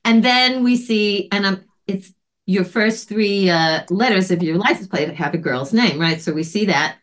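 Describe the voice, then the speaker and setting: Animated woman telling a story. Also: mid-range voice, measured pace. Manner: animated, acts out quoted voices. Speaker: podcast host. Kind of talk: casual storytelling chat.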